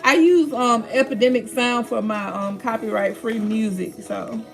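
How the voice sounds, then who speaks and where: Woman livestream host, high voice, chatty, greets viewers by name. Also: moderate pace, creaky, over music. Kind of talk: casual livestream chat.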